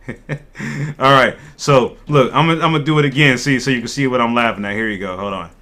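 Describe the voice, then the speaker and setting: Here an Ohio native hosting a relaxed cannabis livestream talks fairly quickly in a mid-range voice. He's lively with his chat and laughs frequently.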